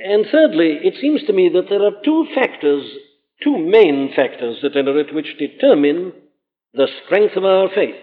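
A fairly high-voiced man preaching in an earnest, emphatic way, pushing his voice up on the questions he drives home. The recording is thin and phone-like, and the sound hangs in a long reverb like a large hall. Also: expressive, normal speed. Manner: earnest, emphatic, rising to exclamations. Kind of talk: sermon.

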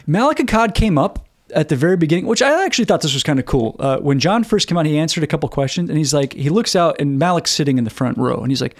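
Casting: man, slightly higher voice, chatty podcast co-host, lively rambling storyteller. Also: fast, hardly any pauses, dry recording, studio quality. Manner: animated storyteller, lots of "like" fillers. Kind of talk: casual chat.

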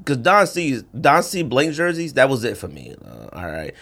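Male podcast co-host, middle pitch, hugely animated delivery, emphatic and teasing. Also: moderate pace, creaky. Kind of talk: casual chat.

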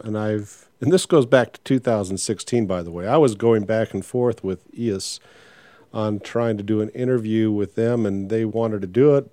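Speaking on the low side with a warm tone, an older man hosts his podcast in a loose monologue. He is frank and rambling, with frequent filler sounds, and the recording is dry.

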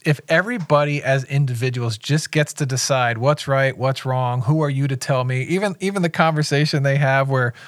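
A man with a mid-range voice talks through scripture on a podcast as a pastor. He gets animated and acts out the people he quotes. The recording is dry and close. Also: mid-range voice, dry recording. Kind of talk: podcast Bible discussion.

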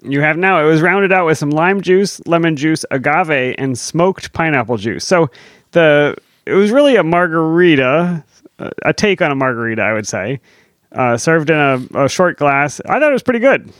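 Relaxed male podcast co-host, easy laugh. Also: on the high side, normal speed, dry recording, clean studio sound. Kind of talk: casual chat.

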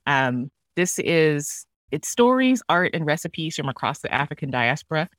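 A woman's voice: deep voice, sing-song, normal speed, a bit bright, no echo, studio quality. A woman taking part in a podcast discussion, speaking with enthusiasm. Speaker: podcast guest. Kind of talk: casual discussion.

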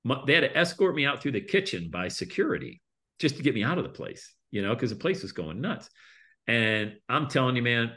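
A middle-aged man, a guest speaker and coach, tells his story in a casual interview with a mid-range voice at a fairly quick pace. He's animated and acts out other people's voices.

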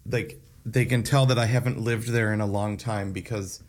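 A man with a Midwestern accent co-hosting a podcast in casual chat, laid-back, saying "dude" and agreeing quickly. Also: lowish voice, fairly even intonation, darkish tone. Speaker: podcast co-host.

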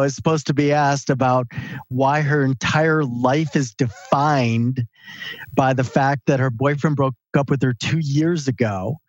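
A man guest on a podcast interview, telling stories in an animated, emphatic, conversational way. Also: fairly high pitch, dry recording, dull audio. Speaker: guest, author and speaker.

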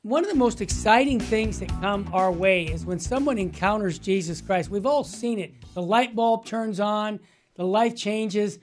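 A woman's voice: medium pitch, moderate pace, soft background music. A woman co-hosting a talk show who speaks with an enthusiastic, exclamatory manner. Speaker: show co-host. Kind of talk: lively broadcast talk-show chat.

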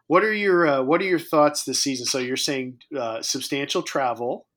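A man's voice: mid-range voice, moderate pace, fairly bright tone. A man co-hosting a podcast in casual chat, dry and joking, with hesitant fillers. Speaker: podcast co-host. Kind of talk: casual chat about a dating show.

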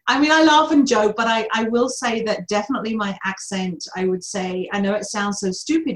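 A woman's voice: mid-range voice, fairly even intonation, brisk, hardly any pauses. A middle-aged woman with a distinct accent, a mortgage broker being interviewed, talking bluntly and laughing at her own jokes. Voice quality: distinct accent noted by hosts. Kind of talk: casual podcast interview. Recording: roomy echo.

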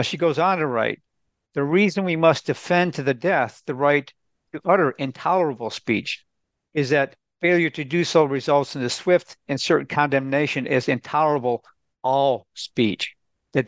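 A man's voice: medium pitch, normal speed, no echo. A man, a guest commentator on a talk radio show, making his case in an emphatic, lecturing way and ticking off points in lists.

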